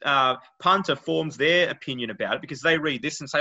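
An Australian man co-hosts a podcast in a casual panel chat, talking emphatically and with strong opinions. His voice is on the high side, bright and forceful, delivered briskly with few pauses. The audio is muffled and lo-fi.

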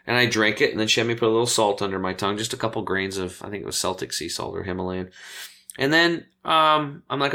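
A man, a health coach and interview guest, telling stories in a casual, animated way and acting out the voices of people he quotes. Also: medium pitch, quick pace.

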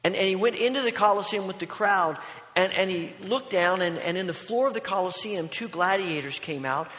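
A man preaching a sermon as a pastor, telling a story that moves between loud, urgent passages and hushed ones. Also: sits high, brisk. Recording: long reverb of a large hall.

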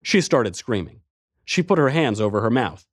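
A man's voice: medium pitch, sing-song, moderate pace, husky, no room sound, clean studio sound. A man narrating a first-person adventure story in a tense, driving way.

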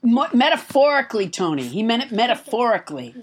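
A woman's voice: on the high side, big pitch swings, quick pace. A woman hosting a comedy podcast, rambling with stammered restarts and dry humor. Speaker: podcast host. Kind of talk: comedic banter.

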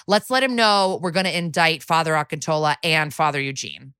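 A woman's voice: low voice, fairly quick, clean tone, dry recording, clean studio sound. A woman co-hosting a podcast, chatting her way through a TV episode recap and acting out the characters' lines as she goes. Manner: chatty, animated, acts out characters' lines while retelling. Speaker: podcast co-host.

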